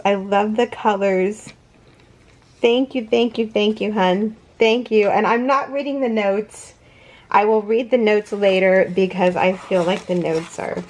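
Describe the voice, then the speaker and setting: A woman in her thirties talks through a casual unboxing vlog, slowly and with plenty of pauses. She gushes with thanks, sounds moved almost to tears, and keeps stopping partway through a sentence to begin it again. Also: medium pitch, a little mellow. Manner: emotional, gushing, effusive thanks; halting, restarts often. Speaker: crochet channel host.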